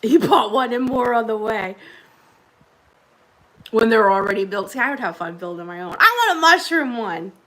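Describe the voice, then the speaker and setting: A woman's voice: on the high side, lively intonation, normal speed, pauses often, fairly bright tone. A woman hosting a casual livestream, chatting with viewers in a rambling way and laughing often. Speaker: livestream host.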